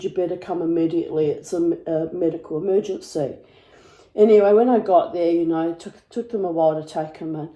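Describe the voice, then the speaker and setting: A woman tells a story in a lively, dramatic way, her voice mellow and warm in tone. She is recorded in an echoey room. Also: on the low side. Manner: dramatic, breathless retelling with put-on voices. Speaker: vlogger. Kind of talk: casual storytelling to camera.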